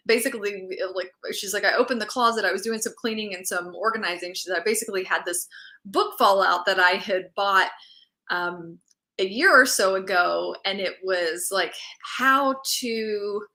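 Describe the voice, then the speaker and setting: Bright-voiced woman, motivational coach. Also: mid-range voice, vocal fry. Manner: animated storytelling, acts out quoted friend; repeats and restarts phrases. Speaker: money mindset coach. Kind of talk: motivational talk to camera.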